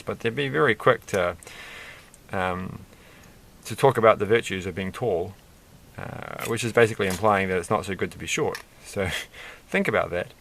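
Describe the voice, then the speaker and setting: A man's voice: low-pitched, fairly bright tone. Rambling man chatting while building Lego. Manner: chatty, rambling, self-amused asides. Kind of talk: casual rambling build commentary.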